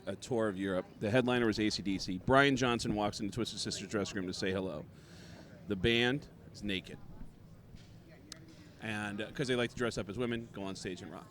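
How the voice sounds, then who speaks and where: A man, a comedian guest, telling a story in a casual, animated way and jumping into quoted voices. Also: lowish voice.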